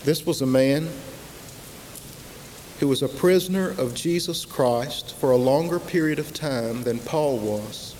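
A man preaching a sermon, slow and emphatic, with dramatic pauses and repetition. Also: medium pitch, a little mellow. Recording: long hall reverb, faint hiss.

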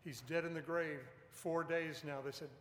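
A man's voice: a little high, fairly even intonation, normal speed. A man preaching a sermon in an earnest, emphatic way, pressing on key words. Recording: echoey hall with long reverb.

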